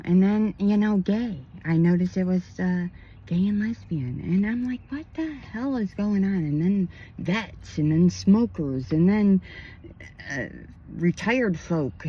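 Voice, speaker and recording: Slow-talking woman rambling outdoors. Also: lowish voice, breathy edge, dull audio. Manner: emphatic, rambling, indignant asides. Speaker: spiritual counselor. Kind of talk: rambling personal vlog. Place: outdoors by a pond.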